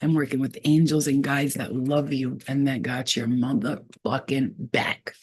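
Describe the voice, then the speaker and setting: A woman's voice: extremely low pitch, flat delivery, slightly rough. A woman giving a spiritual reading straight to camera in a casual, blunt and profane way. She repeats points for emphasis and stops often as she sounds out names she says she is receiving. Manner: halting, trailing off while sounding out names. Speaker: psychic reader.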